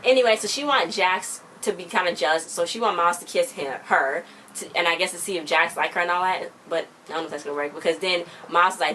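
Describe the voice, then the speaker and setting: A chatty young woman recaps a TV episode, sounding opinionated and slipping into little voices for the characters. Her voice sits a bit low, with faint noise in the background. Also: fast, a bit bright.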